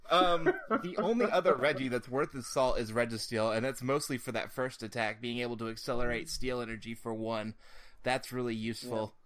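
Bright, excited man pitching a card. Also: brisk. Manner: enthusiastic, excitable. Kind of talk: casual card game discussion.

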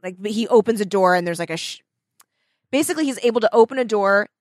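A woman's voice: mid-range voice, fast, no room sound. Casual, dry-sounding woman telling a story. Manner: animated storyteller, swears casually, many fillers. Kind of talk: casual chat.

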